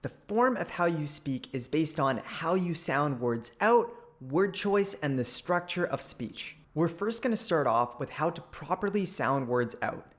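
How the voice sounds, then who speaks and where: A channel host giving an instructional talk, speaking deliberately with crisply clipped word endings. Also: medium pitch, expressive.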